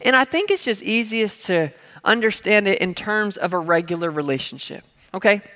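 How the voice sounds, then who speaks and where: Speaking at a moderate pace, a pastor with a high, pushed, bright voice and lively intonation gives a sermon in a church hall. The recording carries the long reverb of a large hall. He chats with the crowd, drops playful asides and everyday examples, and prompts listeners to repeat key words.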